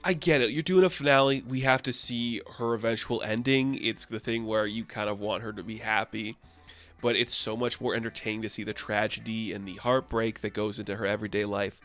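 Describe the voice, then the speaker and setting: A man's voice: lowish voice, steady tone, brisk, a bit bright, faint music behind. Chatty man reviewing a TV show. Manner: chatty, many fillers, earnest enthusiasm. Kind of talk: casual spoken review.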